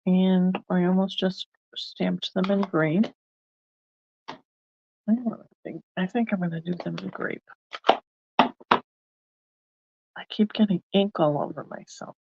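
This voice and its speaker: A woman's voice: medium pitch, creaky, darkish tone, dry recording, lo-fi sound. A woman hosting a card-making video, chatting casually and thinking aloud as she works. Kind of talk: casual crafting demonstration.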